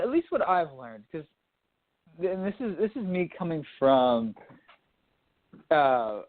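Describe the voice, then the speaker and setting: A young man from Dallas co-hosting a radio talk show, chatting casually about sports and politics and often restarting his sentences. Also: fairly high pitch. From Dallas, Texas. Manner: rambling, restarts mid-thought. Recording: phone-line quality audio.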